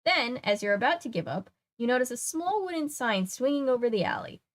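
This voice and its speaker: A woman's voice: fairly high pitch, sing-song, fairly quick. Young woman host, chatty reader, breaks off to joke with chat. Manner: chatty, joking asides. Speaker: streamer reading a kids' book. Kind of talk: casual read-aloud with chat asides.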